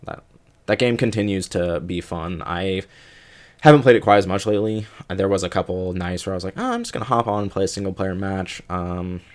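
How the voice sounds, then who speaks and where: A man's voice: deep voice, fairly quick. A man co-hosting a podcast, telling game stories in casual chat, often laughing as he goes. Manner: laughing, animated storyteller. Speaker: podcast co-host.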